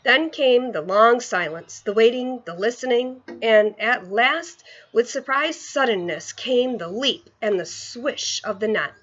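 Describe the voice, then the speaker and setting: A woman narrating a children's book aloud in an expressive, measured way. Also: a little high, highs cut off. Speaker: storyteller. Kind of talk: storybook read-aloud.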